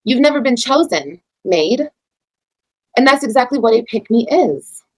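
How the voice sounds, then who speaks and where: A woman's voice: very animated, unhurried, low-quality recording. Heated, profane woman ranting on a livestream. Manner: heated, profane, preachy, swings between loud and low. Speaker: livestreamer and mother. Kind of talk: casual livestream rant.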